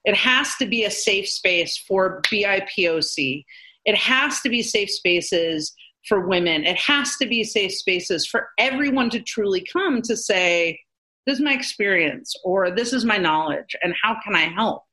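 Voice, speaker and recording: A woman co-hosting a podcast as a paranormal researcher, speaking earnestly in animated, quick bursts. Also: medium pitch. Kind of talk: casual podcast discussion.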